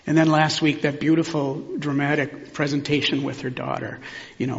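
A man, a pastor preaching a sermon in a church sanctuary, in a measured, reflective way with pauses. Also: fairly high pitch, flat delivery. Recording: long hall reverb, dull sound.

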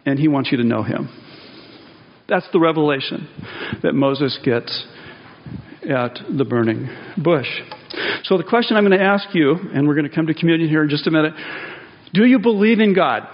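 A man delivers a sermon in a casual, talky manner, circling back on his phrases before climbing higher and louder to press a point home. His voice sits a touch high for a man. The sound is slightly dull and carries a long church reverb. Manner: conversational, self-interrupting, rises emphatically on key points. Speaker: pastor. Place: church sanctuary.

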